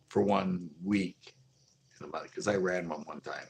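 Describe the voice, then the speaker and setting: Gravelly low-voiced man telling a rambling story. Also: steady tone, fairly quick, slight background noise. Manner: rambling, casual and profane, with many restarts. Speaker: local fish store owner. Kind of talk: live storytelling monologue.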